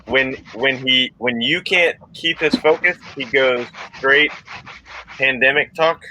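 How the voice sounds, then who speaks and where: A man's voice: medium pitch, slow pace, bright, forceful tone, a little hiss or hum, rough recording. A man chatting casually on a reseller livestream, explaining himself earnestly and often repeating his words. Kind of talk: casual chat.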